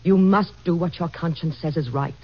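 An actress playing an anxious, devoted president's wife who talks earnestly and insists gently, in 1940s radio-acting style. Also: female voice, deep voice, normal speed, slightly rough. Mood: pleading. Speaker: First Lady. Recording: dull old radio recording with faint hiss.

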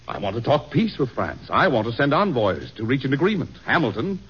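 An actor playing a middle-aged president, weary and full of doubt, with brooding, sighing delivery in 1940s radio style. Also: male voice, mid-range voice, big pitch swings, a little fast, a bit bright, husky, full character voice. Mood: troubled. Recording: dull old radio recording.

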